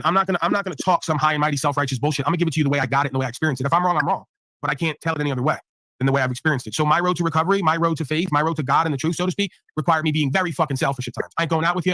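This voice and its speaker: A man's voice: on the high side, bright, forceful tone, no room sound. A man hosting a livestream panel, preaching profane motivational talk to his guests. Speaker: panel host.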